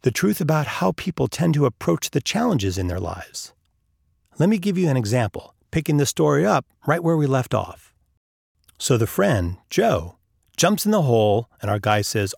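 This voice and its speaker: A man's voice: medium pitch, very animated, moderate pace, vocal fry, darkish tone, slightly rough, dry recording, studio quality. A man narrating an audiobook chapter, telling a story and lifting his voice for the characters' lines. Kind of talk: audiobook narration with acted dialogue.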